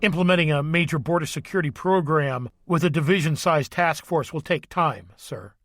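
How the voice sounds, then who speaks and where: A stern, formal Army sergeant major who speaks in clipped, firm sentences, read by a man in an audiobook. The voice sits a touch high and is recorded close and dry, with no room around it. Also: moderate pace, fairly bright tone, no echo, lightly acted.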